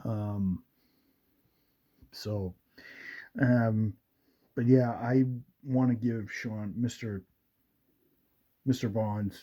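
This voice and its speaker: A man's voice: lowish voice, fairly even intonation, extremely slow, long pauses, warm tone, muffled recording. A male radio show host chatting casually, rambling with fillers and retelling movie scenes. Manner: rambling, with many fillers and quoted movie lines.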